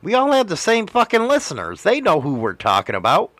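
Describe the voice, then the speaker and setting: A man hosting a podcast, his pitch swinging up and down as he talks. He swears freely and leans hard on his points, and his voice sounds close and dry. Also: wildly swooping pitch, fairly quick, fairly bright tone, dry recording. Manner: profane, emphatic storytelling. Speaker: podcast host and motovlogger. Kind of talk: casual chat.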